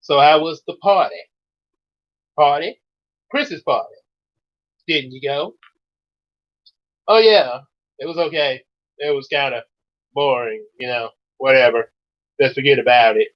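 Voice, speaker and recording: A man's voice: medium pitch, measured pace, pauses often, lo-fi sound, pitched below the performer's own voice, lightly acted. A man reading dialogue for young teens in a put-on New York accent, clipped and dismissive. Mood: offhand.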